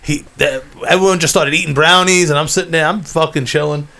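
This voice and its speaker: A young man tells a long rambling story to a friend on his podcast. His voice sits high for a man, and he laughs and swears his way through the tale. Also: steady tone, a little fast, creaky, bright, forceful tone. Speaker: podcast host. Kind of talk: casual storytelling chat.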